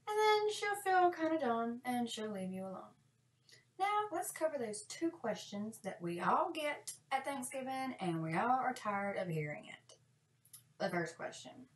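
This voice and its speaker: A woman giving sassy, deadpan, folksy comic advice in a monologue. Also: fairly high pitch, measured pace. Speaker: parenting comedy vlogger. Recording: echoey room, distant mic.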